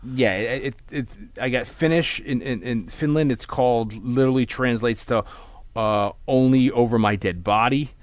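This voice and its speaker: A man co-hosting a movie podcast, talking in a rambling, animated way with many restarts. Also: medium pitch, normal speed, dry recording. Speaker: podcast co-host. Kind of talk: casual movie discussion.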